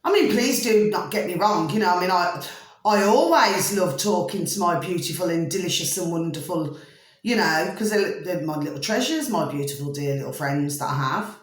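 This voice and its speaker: This middle-aged vlogger's voice sits on the low side, expressive and moderately paced, as she wanders through talk of spiritual matters. She's homely and rambling, fond of gentle slang such as "flipping" and "blooming," and the room around her echoes heavily.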